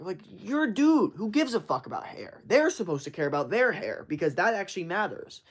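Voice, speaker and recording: A man's voice: high voice, very animated, a little fast, hardly any pauses. A young man giving blunt, profane advice in a casual live-stream rant, full of fillers and emphatic swearing. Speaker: streamer answering chat.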